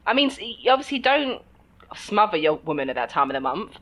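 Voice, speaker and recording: A woman co-hosting a podcast in casual chat, animated and laughing often as she acts out little voices. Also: mid-range voice, a little fast. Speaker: podcast co-host.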